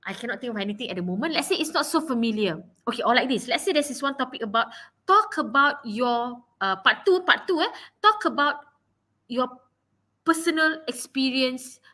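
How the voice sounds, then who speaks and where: A woman's voice: high-pitched, lively intonation, a little fast, sharp tone. A Malaysian woman teaching an online English revision class, encouraging students and often repeating her phrases.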